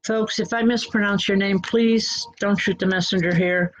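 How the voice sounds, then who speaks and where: A woman who works as a spiritual medium gives readings to a gathered group in a chatty, folksy style, speaking bluntly and directly and joking at her own expense. Her voice is medium-pitched with fairly even intonation and a moderate pace. The recording sounds dull and lo-fi.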